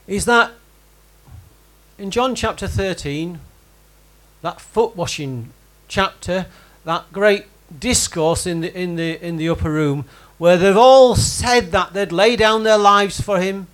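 A man's voice: sits high, takes it slowly, fairly bright tone. A man preaching a sermon, talking conversationally and putting questions to the congregation by name. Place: church hall with congregation.

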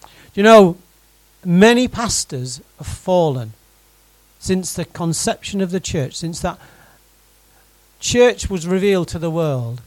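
A man preaching a sermon to his congregation in a conversational, animated way, often putting direct questions to the room. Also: sits high, a little slow, no room sound, low-quality recording. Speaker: pastor.

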